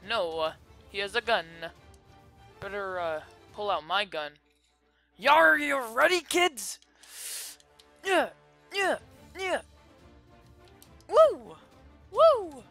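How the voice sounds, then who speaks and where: A YouTuber giving chatty, rambling commentary over a pirate game, with sudden loud excited outbursts. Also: medium pitch. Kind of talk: gameplay commentary.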